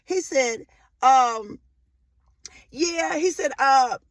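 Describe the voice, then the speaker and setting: A woman in her forties giving a faith-based motivational talk, emphatic and impassioned, repeating phrases for weight and breaking into loud emotional bursts. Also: high-pitched, drawn-out words, dry recording. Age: 40s. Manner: rises to loud emotional outbursts. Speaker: motivational speaker.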